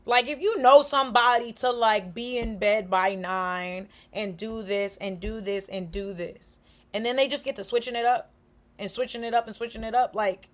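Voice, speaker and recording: High-voiced woman, frank and animated. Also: normal speed. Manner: frank, animated, slangy, acts out quoted remarks. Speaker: vlogger. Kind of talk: casual talk to camera.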